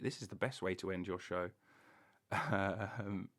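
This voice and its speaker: A man's voice: deep voice, slow, fairly bright tone. A man hosting a rambling solo comedy podcast, talking alone into a recorder in a room, meandering and self-mocking with jokey asides. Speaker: podcast host.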